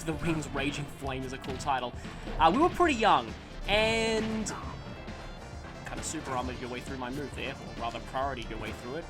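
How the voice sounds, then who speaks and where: Over game music, a gaming channel host casually comments on the video game he's playing. In a mid-range voice, very animated and fairly quick, he rambles through a self-deprecating childhood story and breaks off to react to the action.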